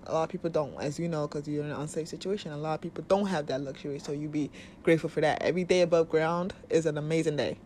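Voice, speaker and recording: A woman's voice: deep voice, quick pace, darkish tone, a little hiss or hum. A woman giving casual spiritual self-help advice, blunt and profane, often laughing and acting out little voices. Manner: acts out quoted voices of body and soul.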